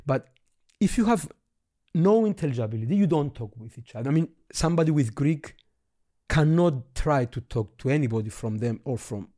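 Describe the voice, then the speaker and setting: A man from Cyprus, teaching about languages in conversation, often restarting words and trailing off quietly. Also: fairly high pitch, animated, moderate pace. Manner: stammering restarts, trails off softly. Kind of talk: explaining linguistics in conversation.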